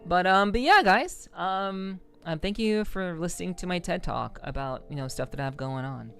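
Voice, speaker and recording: A woman's voice: on the low side, expressive, normal speed, vocal fry, fairly bright tone, soft background music. A woman streamer from the New York City area chatting casually with her viewers, rambling and swearing, with lots of ums and bursts of laughter. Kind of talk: casual livestream chat with viewers.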